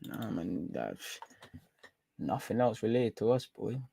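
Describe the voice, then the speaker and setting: A man's voice: lowish voice, big pitch swings, takes it slowly, vocal fry, mellow, slightly rough. A man hosting a fan live stream, chatting casually in slang and reading out viewer comments. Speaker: fan channel host.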